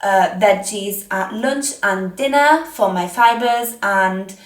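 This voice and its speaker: A woman's voice: medium pitch, slow pace. A young woman with an Italian accent giving casual fitness advice from home, chatty and self-mocking with rambling asides. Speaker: fitness vlogger. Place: home, seated on a chair. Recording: echoey room.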